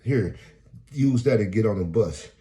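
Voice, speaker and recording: A man voicing a menacing street mugger who bosses and threatens him in a loud, high voice during a stand-up bit. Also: sing-song, fairly quick, close to an everyday voice. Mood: threatening. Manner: bossy, threatening.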